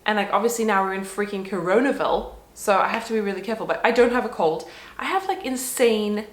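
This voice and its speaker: A woman's voice: medium pitch, fast talker, slight background noise. A woman vlogger and mother with a congested nose, chatting casually and rambling with lots of fillers. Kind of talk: casual chat to camera. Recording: roomy echo.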